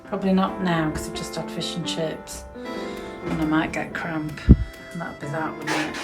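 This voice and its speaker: A middle-aged woman with a Yorkshire accent, a touring folk musician chatting through a video diary, often dropping into hushed near-whispered asides. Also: sits low, fairly even intonation, normal speed, low-quality recording. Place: van and hotel rooms on tour. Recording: clear music playing behind.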